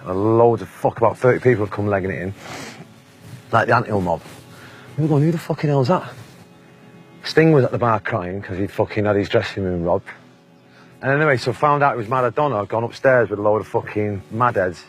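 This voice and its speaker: A Mancunian man in his forties, telling blunt, sweary anecdotes in a casual interview and laughing often. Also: lowish voice. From England.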